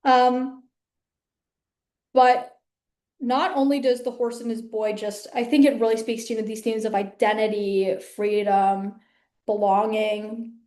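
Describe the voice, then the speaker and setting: Her medium-pitched voice is level and dark, moving at a moderate pace as she hosts her own video. She talks loosely to the camera, rambling with many fillers and restarts, in an echoey room.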